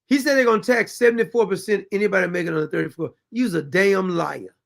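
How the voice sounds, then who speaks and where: A man's voice: sits high, fast, creaky. A man hosting a commentary show, reacting to clips with sarcastic, exasperated mockery and reading viewer comments aloud.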